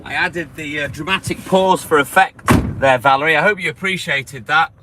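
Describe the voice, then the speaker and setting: A man's voice: a little high, normal speed. A man chatting casually and bluntly with live viewers while out on his milk round, swearing freely and joking. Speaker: livestreaming milkman. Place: outdoors on delivery rounds. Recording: clear street and vehicle noise behind.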